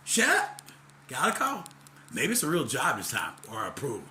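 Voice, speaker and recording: A man's voice: medium pitch, huge pitch swings, brisk, reverberant, a little hiss or hum. A man ranting to the camera in a rambling, angry, profane monologue. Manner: loud and heated in the second half. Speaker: vlogger.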